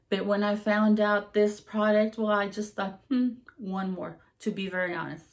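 A woman telling a story from her time running a hair salon. She talks casually and with lots of life, jumping into the voices of the people she quotes. Her voice sits at an ordinary middle pitch for a woman. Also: creaky. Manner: animated, acts out quoted voices.

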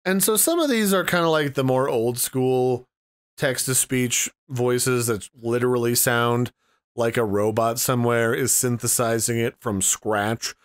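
Speaking a little slowly in a medium pitch, this male tutorial host talks through a casual screen recording. His explanation wanders in a chatty way as he thinks out loud.

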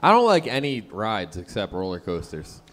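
A man's voice: lowish voice, wildly swooping pitch, moderate pace, fairly bright tone. Offhand guest comedian, man. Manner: casual, offhand remarks. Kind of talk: casual comedy chat.

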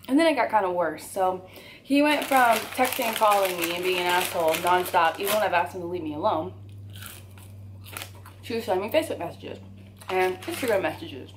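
A woman's voice: on the low side, slight background noise. A young woman in her twenties telling an emphatic, candid story to camera for her channel while eating at home. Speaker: YouTuber.

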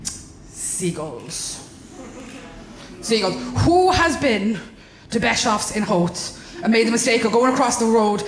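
Irish female stand-up, fairly high, sweary and animated, live in an echoey room. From Ireland. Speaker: stand-up comedian. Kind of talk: stand-up comedy. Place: comedy club stage. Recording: roomy live venue.

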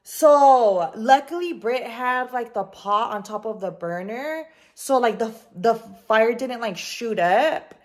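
A young woman vlogging in her home kitchen, telling a story in an animated, casual way with lots of swearing and "like". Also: a little high, slow pace, hardly any pauses. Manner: animated, swears freely, heavy use of "like".

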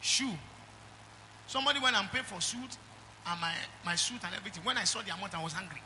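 A man's voice: sits high, fast talker, bright, forceful tone, slight background noise. A middle-aged man with a Nigerian accent preaching a sermon, emphatic and calling the congregation for amens. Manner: emphatic preaching with call-and-response. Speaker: pastor.

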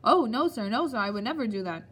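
A woman's voice: fairly high pitch, animated, fast talker, a bit bright, breathy edge, pitched above the performer's own voice. A woman voicing a timid, frightened schoolboy who pleads politely with his headmaster. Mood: pleading.

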